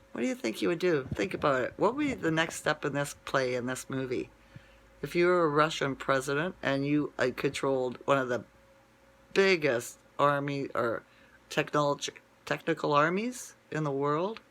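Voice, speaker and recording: A man's voice: a little high, fairly bright tone, a little hiss or hum. A man talking straight to his viewers in a casual, rambling monologue, digressing and often asking "right?". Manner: digressive, with many restarts and asides. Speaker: vlogger.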